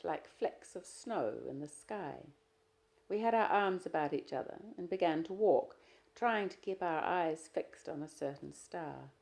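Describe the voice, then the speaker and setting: A woman narrating a novel in the first person, measured and expressive. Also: on the low side. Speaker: audiobook reader. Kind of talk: literary audiobook narration.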